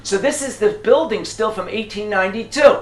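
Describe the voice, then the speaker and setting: Man, tour guide, casual lecture, quizzes the group, lots of fillers, high voice, roomy echo. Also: moderate pace. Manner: chatty, asks the group questions, frequent fillers and restarts. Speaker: tour guide teaching history.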